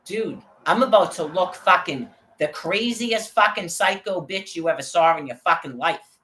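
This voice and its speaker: Agitated older woman ranting, bright voice. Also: fairly low pitch, normal speed, slight background noise. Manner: agitated, swearing heavily, quoting others. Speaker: vlogger. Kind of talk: angry profane rant.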